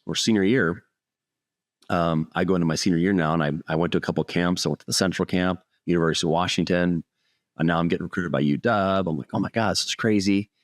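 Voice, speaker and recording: Deep-voiced earnest male storyteller. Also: fast, no echo, studio quality. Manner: earnest, animated storytelling with restarts. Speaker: sales speaker and trainer. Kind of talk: storytelling interview answer.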